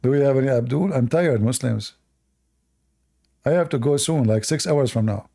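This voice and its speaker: A man's voice: mid-range voice, normal speed, creaky, dark tone. A man with a non-native English accent, hosting a live debate stream with mocking, sarcastic asides. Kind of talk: casual livestream talk.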